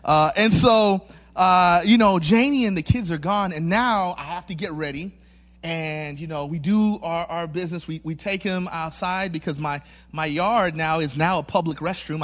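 A man's voice: sits high, fairly bright tone. A man preaching a sermon, telling a self-mocking personal story in a loose, chatty way and acting out the voices. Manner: acts out voices in his stories; loose, chatty, many fillers and restarts. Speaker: pastor.

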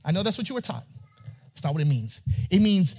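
A man preaching a sermon, reading scripture and asking his congregation questions, rising at times to near-shouting. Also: sits high, very animated, a little fast, breathy edge. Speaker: pastor.

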